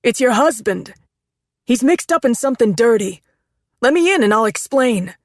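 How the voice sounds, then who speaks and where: A desperate man in a storybook thriller, pleading and insistent, his voice pushed high and urgent, as a woman narrator reads him. The delivery stays close and dry, with no room around it. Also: expressive, moderate pace, no room sound.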